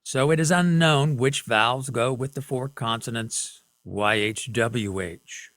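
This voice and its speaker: A man teaching a class at a whiteboard, slow and deliberate, often checking in with the students. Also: mid-range voice, fairly bright tone, dry recording.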